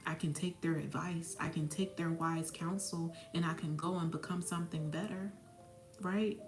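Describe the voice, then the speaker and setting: A woman's voice: sits low, steady tone, moderate pace. A woman spiritual mentor giving a blunt, profane, preachy motivational talk. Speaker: spiritual mentor and psychic medium. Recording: echoey room, faint music behind.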